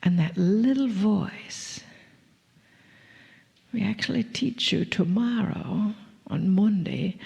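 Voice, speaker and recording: A woman channeling a spiritual message to a live audience, slow and breathy, slipping into whispers. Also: on the low side, expressive, in a large hall. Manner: slow and breathy, drifting into whispers with soft laughs.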